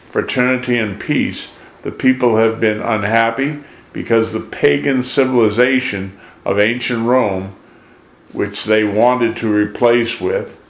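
A man with a fairly low voice and an unhurried, drawn-out delivery, preaching to his listeners. He sings scripture lines and talks through his message. The sound is roomy and echoey. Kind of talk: sung worship then sermon.

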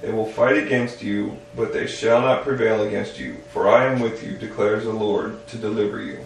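Guy reading a bible verse, flat voice, noisy background. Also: lowish voice, normal speed, gravelly. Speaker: scripture reader. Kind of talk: reading scripture aloud. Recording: very echoey, far from the mic, noisy.

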